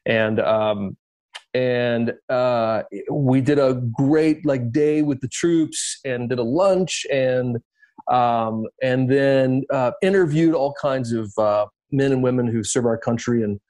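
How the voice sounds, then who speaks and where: A man in an easygoing podcast conversation, thinking aloud about his work as an entertainment interviewer. He rambles and restarts a lot, leaning on fillers, at a middling pitch. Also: slow pace, a little mellow. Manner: reflective, rambling with many fillers.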